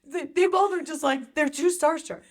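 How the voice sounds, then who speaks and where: Woman, middle-aged, fairly high voice, casual storytelling chat, animated, swears freely. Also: moderate pace. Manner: swears freely, laughs often. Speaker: podcast co-host.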